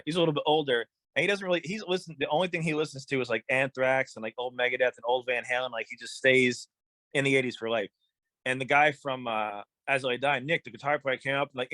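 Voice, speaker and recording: A man, a musician guest on a podcast, telling stories in a relaxed, rambling way with many fillers. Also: mid-range voice, no room sound. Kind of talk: casual storytelling in an interview.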